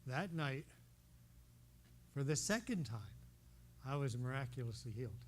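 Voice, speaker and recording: A man telling a healing testimony to a congregation in a meeting room, talking straight to his listeners as an animated storyteller. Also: mid-range voice, unhurried. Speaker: speaker sharing a healing testimony. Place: meeting room holding about a hundred people.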